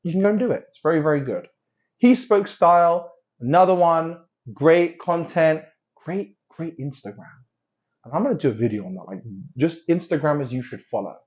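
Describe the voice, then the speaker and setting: A man's voice: on the high side, lively intonation, normal speed, darkish tone, lo-fi sound. A man from London hosting a casual commentary, rambling and joking at himself, often trailing off and restarting. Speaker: host.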